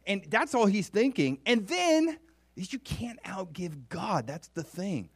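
Animated preacher man, dry close sound. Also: high voice, takes it slowly, breathy edge, dry recording. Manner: animated, acts out biblical speech with rising emotion; asks the audience questions and waits for answers. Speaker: pastor. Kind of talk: sermon.

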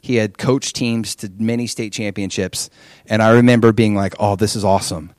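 A man from Hawaii preaching, telling his own testimony with animated storytelling and frequent rhetorical questions. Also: fairly low pitch, moderate pace, no echo, clean studio sound. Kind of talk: testimony sermon.

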